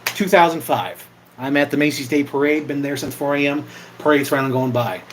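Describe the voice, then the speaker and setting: A man's voice: a little high, fairly even intonation, a little fast, a little hiss or hum, poor audio. A man chatting casually on an impromptu livestream, rambling, swearing now and then, and reacting to viewer comments. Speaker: live streamer and video maker.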